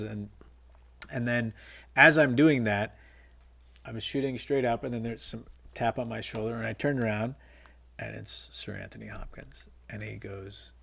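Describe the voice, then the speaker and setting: A man's voice: on the low side, creaky, fairly bright tone, breathy edge. A middle-aged filmmaker, a man, telling stories casually in an interview, with many fillers and quoted dialogue. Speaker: guest filmmaker.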